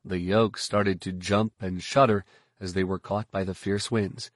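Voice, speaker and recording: A man reading scripted audiobook narration in a steady, even storytelling manner. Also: deep voice, unhurried, no echo, studio quality.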